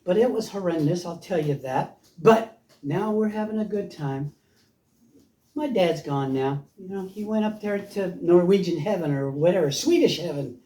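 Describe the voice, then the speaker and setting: Speaking at normal speed in a high, mellow voice, an older man shares meandering, playful stories from his childhood at a house by the sea. He's a guest storyteller, captured in a roomy space well away from the mic.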